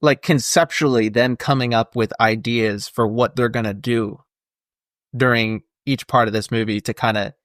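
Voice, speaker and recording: A man co-hosting a podcast, chatting casually about a film in a relaxed way and calling his friend dude. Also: medium pitch, moderate pace, no room sound, clean studio sound. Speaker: podcast co-host.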